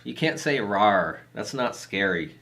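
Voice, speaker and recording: A man's voice: on the low side, animated, measured pace, pushed and bright. A man talking to himself in a playful, self-mocking way while recording sound effects for a video. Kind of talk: casual self-talk while working.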